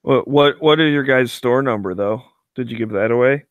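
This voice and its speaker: A man's voice: medium pitch, normal speed, dry recording, highs cut off. A man hosting a casual podcast chat and teasing his guests dryly.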